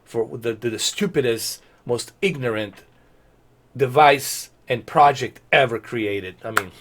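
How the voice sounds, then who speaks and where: A man's voice: medium pitch, a little slow, background noise. A man ranting sarcastically and with exasperation in a commentary vlog. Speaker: gaming commentator.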